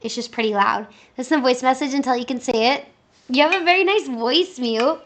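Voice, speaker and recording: High-voiced young woman livestreaming. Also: fairly quick, fairly bright tone. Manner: repeats words over and over, practicing pronunciation. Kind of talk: casual live-stream chat. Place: bedroom with air conditioning running. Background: air conditioning hum.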